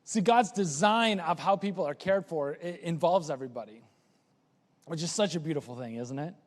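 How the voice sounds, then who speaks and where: High-voiced chatty male pastor. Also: moderate pace. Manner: chatty, restarts words, lively asides. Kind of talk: casual conversational sermon. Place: church sanctuary. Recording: church hall with long reverb.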